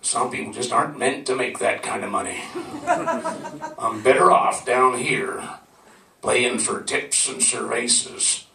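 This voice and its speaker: A man's voice: mid-range voice, unhurried, gravelly, a crowd in the background, voice pushed down. A man putting on an old grizzled Southern drawler. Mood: wry. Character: old grizzled American songwriter, laid-back. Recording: roomy, from far off.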